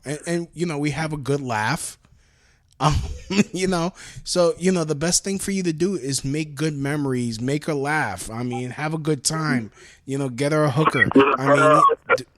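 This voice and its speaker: A man's voice: on the high side, a bit bright, dry recording, clean studio sound. A man hosting a casual podcast and taking a caller, joking crudely, swearing and laughing. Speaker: podcast host. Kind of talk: casual chat taking a call-in.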